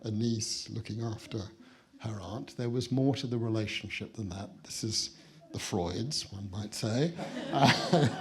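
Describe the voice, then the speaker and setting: A British man giving a guest speech at a museum exhibition opening, telling an anecdote with wry, dry understatement. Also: medium pitch. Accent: British English. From Britain. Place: museum building, speaking to an audience.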